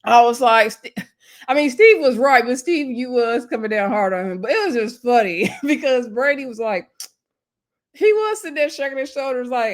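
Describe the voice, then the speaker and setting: A TV show reviewer recaps an episode in a fairly high, expressive voice at normal speed. She's chatty and casual, laughing often as she tells the story and acting out the quotes.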